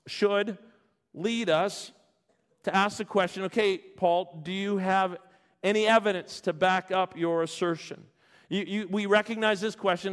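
A man preaching a sermon, reading scripture and then explaining it with emphatic repetition. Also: sits high. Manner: emphatic, repeats words when stressing a point.

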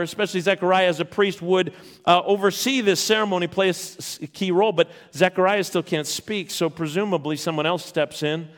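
A man's voice: sits high, fairly bright tone. Man preaching a storytelling sermon. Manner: storytelling with emphatic repetition and restarts. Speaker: pastor.

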